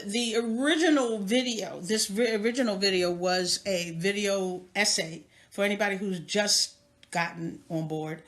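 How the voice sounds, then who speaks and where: A woman from New York City, chatting casually to viewers on a live stream from her home through a tablet mic, often laughing. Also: mid-range voice. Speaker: host of a live video stream. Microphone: tablet microphone.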